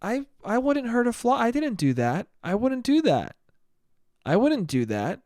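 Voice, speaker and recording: A man's voice: very high voice, huge pitch swings, measured pace, darkish tone, dry recording, studio quality, pitched above the performer's own voice, heavily acted. A man voicing an evasive female murder suspect who pleads her innocence in a raised, wheedling voice. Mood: innocent.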